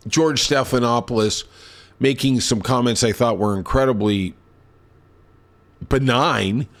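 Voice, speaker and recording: A middle-aged man hosts a political podcast in loose, sarcastic commentary and drifts into anecdotes. His pitch sits in the middle of a man's range but swings widely as he mocks and jokes. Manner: sarcastic, animated storytelling. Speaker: podcast host.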